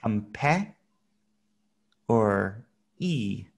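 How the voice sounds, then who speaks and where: A man teaching English to children in an online class, speaking slowly and clearly with a patient, playful manner. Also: fairly low pitch, lively intonation. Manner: patient, slow and clear, playful sound effects.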